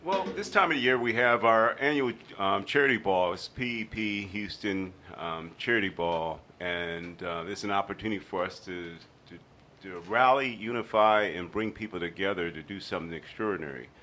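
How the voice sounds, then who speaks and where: A man's voice: on the low side, normal speed, slight background noise. A man being interviewed on a radio show, telling personal stories and acting out the people in them. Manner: animated storyteller, acts out quotes. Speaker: guest.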